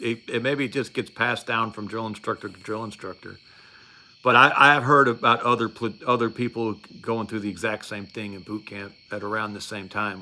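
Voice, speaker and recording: A middle-aged man with a bright, forward voice spins a casual story, rambling and wry. He stops often for fillers and starts his sentences over. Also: medium pitch.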